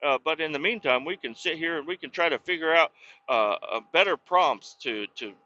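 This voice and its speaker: An overly polite AI chatbot, as a man puts it on, apologetic and eager to please. Its voice is pitched well above his normal speech and sounds bright and sharp. The recording is dull and lo-fi. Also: fairly quick. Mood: chirpy apologetic. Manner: apologetic, eager, falsely helpful.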